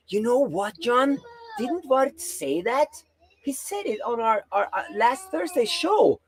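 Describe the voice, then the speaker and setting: Animated, teasing man co-hosting a stream. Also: extremely high pitch, a little slow. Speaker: co-host. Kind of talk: live-stream chat.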